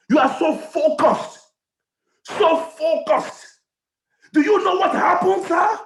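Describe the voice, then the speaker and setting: A male pastor with a Nigerian accent, preaching a passionate sermon that often rises to a shout. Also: sits high. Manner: impassioned preaching, often shouting, with stammered repetitions. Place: church hall. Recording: echoey church hall.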